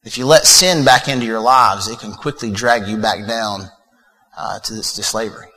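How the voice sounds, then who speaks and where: A man preaches in an easygoing, conversational manner, often restarting phrases and repeating words. His voice is bright and forward. The sound rings with the long reverb of a large hall. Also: on the low side, normal speed. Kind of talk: sermon.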